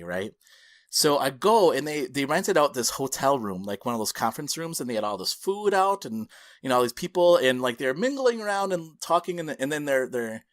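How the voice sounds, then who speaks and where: Animated man telling a podcast story. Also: mid-range voice. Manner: animated, acts out the people he quotes; laughs between phrases while telling a story. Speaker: podcast co-host.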